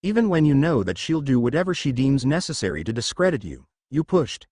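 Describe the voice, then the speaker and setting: A man's voice: medium pitch, big pitch swings, fairly quick, darkish tone, dry recording, clean studio sound. A man voicing a stern, fiery young witch in a read-aloud story, scolding and commanding.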